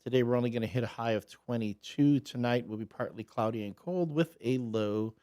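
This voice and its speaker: Co-hosting a morning radio show in a studio, a man chats loosely with fillers and restarts, in casual morning radio style, recorded on a studio microphone. His medium-pitched voice is brisk and warm.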